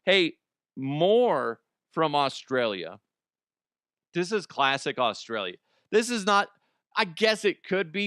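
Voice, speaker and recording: A man from the United States hosts a comedy news show, rambling through stories with casual swearing and laughing at his own jokes. His voice is smooth and resonant in a mid register. The sound is dry and close, with no room echo. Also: medium pitch, a bit bright.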